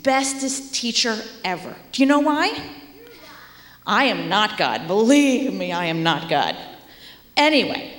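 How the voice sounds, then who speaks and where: A woman teacher giving a children's message at church, speaking animatedly to kids and sometimes dropping to a soft whisper. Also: sits high. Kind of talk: children's sermon. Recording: echoey hall.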